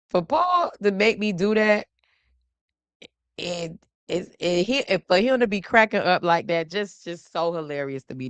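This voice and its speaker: A chatty, playful woman hosts a live stream, speaking to her viewers in a low voice and saying y'all at every turn. The sound is dry and close. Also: clean tone, no echo. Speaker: host of a live stream show. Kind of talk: casual live stream chat.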